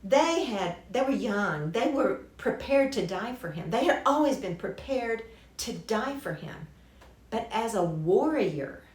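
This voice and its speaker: A woman's voice: a little high, animated, measured pace, darkish tone. A woman teaching a Bible lesson in a conversational way, restarting phrases and adding asides. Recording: roomy church classroom.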